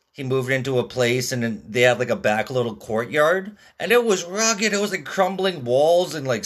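A man hosting a podcast from Canada, telling stories in a profane, laid-back way. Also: on the high side. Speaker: podcast host. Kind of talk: casual rambling monologue.

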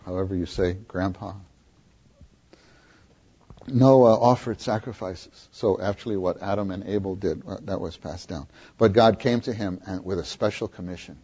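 A man preaching a sermon, often questioning his listeners and repeating words for emphasis, with a husky voice, on a dull lo-fi recording. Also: lowish voice, moderate pace, dark tone. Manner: questions the audience, emphatic repetition.

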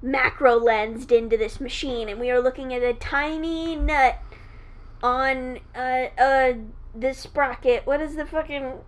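A woman's voice: sits high, steady tone, unhurried. A woman co-hosting a podcast in casual chat, rambling and swearing playfully, with hiccups. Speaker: podcast co-host.

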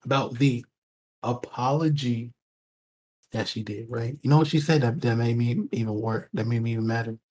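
A man's voice: mid-range voice, normal speed, a little mellow. A man in heated casual commentary who talks over others, exasperated and repeating himself.

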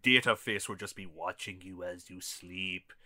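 A man co-hosting a podcast, making sarcastic jokes in casual chat. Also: low voice. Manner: sarcastic, quick joking asides. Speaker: podcast co-host.

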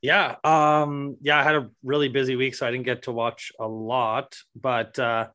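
Bright-voiced man rambling about movies. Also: medium pitch, level tone, moderate pace. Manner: rambling, swears, lots of "like". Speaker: podcast co-host. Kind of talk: casual movie chat.

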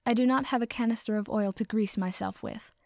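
A woman's voice: a little high, steady tone, brisk, darkish tone, no room sound, studio quality, close to an everyday voice. A woman voicing a pompous, formal tin man who speaks precisely like a class president. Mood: rueful.

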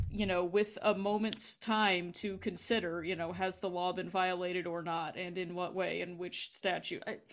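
A woman hosts a podcast, talking casually at a middle pitch. She is chatty and relaxed in tone, peppering her sentences with "you know." Her manner stays conversational throughout. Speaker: podcast host.

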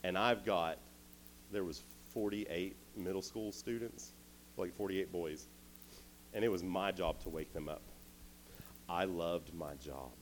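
A young adult man, giving a casual, animated storytelling sermon to teenagers. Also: sits low, unhurried, pauses often, a little hiss or hum. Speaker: youth speaker.

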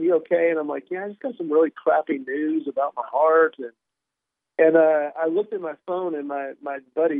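A man's voice: a little high, creaky, dry recording. Man telling a story over a phone line. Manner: animated, wry storyteller who plays out dialogue. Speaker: comedian guest. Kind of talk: conversational storytelling.

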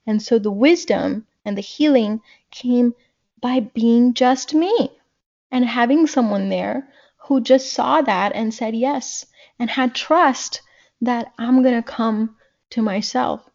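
A woman in her thirties, a podcast guest, talking in an earnest, reflective way and slowing down to stress her points. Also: fairly high pitch, darkish tone. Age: 30s. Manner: earnest, reflective, slows for emphasis. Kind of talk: casual podcast conversation. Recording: dull lo-fi sound.

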